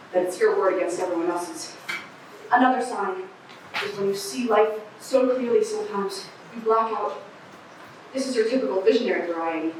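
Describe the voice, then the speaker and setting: A young woman acting on stage as an eccentric street bag lady who talks about aliens, with a raspy voice and a rambling, confiding manner. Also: mid-range voice, slight background noise, natural voice. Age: teenager. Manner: rambling, confiding, pointing out the audience. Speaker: student actor. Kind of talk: stage monologue. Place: camp theater stage. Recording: echoey hall from far off.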